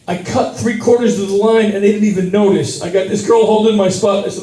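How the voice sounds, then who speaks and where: A man doing stand-up in a brewery, telling a travel story with plenty of swearing and bursts of yelling. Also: high-pitched, fairly quick, few pauses. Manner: profane, animated, yells at the peaks. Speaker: stand-up comedian. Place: brewery stage. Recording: roomy venue sound from a distance.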